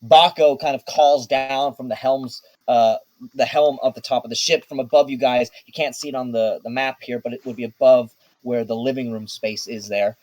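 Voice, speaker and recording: A man's voice: mid-range voice, steady tone, moderate pace, a little mellow. A man narrating a tabletop game as dungeon master in a laid-back, casual way.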